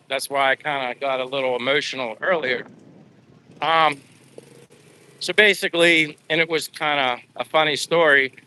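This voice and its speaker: Bright-toned middle-aged man, emotional rambling. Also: a little high. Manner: emotional, rambling, with many restarts. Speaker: vlogger. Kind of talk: casual live-stream storytelling.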